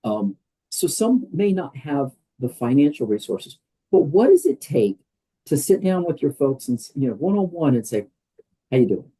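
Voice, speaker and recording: Older man with a dark, husky voice. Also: on the high side, big pitch swings, moderate pace, low-quality recording. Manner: conversational, emphatic, many fillers. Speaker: guest, wellness program leader. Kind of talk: podcast interview.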